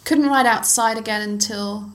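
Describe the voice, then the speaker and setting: Animated middle-aged woman telling stories. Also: on the high side, moderate pace. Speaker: interview guest, former cyclocross racer. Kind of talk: casual conversational storytelling.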